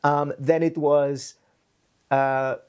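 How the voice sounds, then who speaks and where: A man's voice: fairly high pitch, level tone, extremely slow, darkish tone, smooth, muffled recording. Chatty man telling rambling stories. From Wales. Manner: rambling anecdotes, laughs often. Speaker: podcast host. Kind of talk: casual chat.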